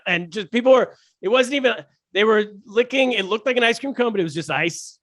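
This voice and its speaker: A man, a stand-up comedian, telling animated, jokey stories as a podcast guest, with many restarts. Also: high-pitched, brisk, dry recording, studio quality. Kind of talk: casual podcast storytelling.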